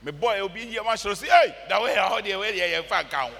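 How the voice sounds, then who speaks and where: Brief: Ghanaian male pastor, high and bright voice, lively preaching in an echoey church hall. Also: normal speed. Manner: animated preaching mixing English and Twi, laughs and shouts. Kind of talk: sermon. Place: large church.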